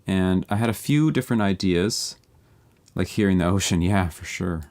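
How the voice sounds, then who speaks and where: This man's voice is deep with a darkish tone, and he speaks at a normal speed. As a music producer streaming, he walks viewers casually through making a beat live, musing aloud over his track edits.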